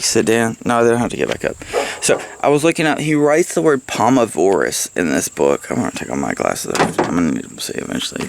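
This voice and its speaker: Rambling, gravelly man chatting about a book. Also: sits low, noisy background. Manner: rambling, profane, laughs at own jokes. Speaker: book reviewer. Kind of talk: casual rambling book report. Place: at home, with pets around.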